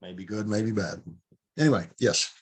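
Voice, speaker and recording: A man's voice: fairly low pitch, measured pace, slightly rough. A man teaching an online class on dog handling, speaking emphatically over a video call. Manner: emphatic, demonstrates voice tones. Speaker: dog trainer and instructor.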